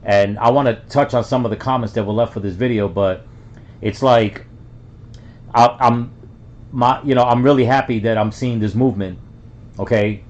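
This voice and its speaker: A man's voice: medium pitch, fairly even intonation, normal speed, pauses often. A man from the Bronx giving casual reaction commentary, rambling with many fillers and restarts. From the Bronx, New York. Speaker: reaction video host. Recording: dull lo-fi sound.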